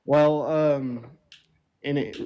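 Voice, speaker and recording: A man's voice: on the high side, steady tone, very slow, clear, resonant tone, lo-fi sound. A man calling in to a live stream, hesitant and defensive, swearing. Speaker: caller. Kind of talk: casual call-in chat.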